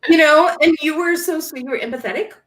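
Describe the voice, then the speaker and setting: A woman talking as a podcast guest in casual conversation, emotional and animated, quick to laugh. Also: high voice, roomy sound, poor audio.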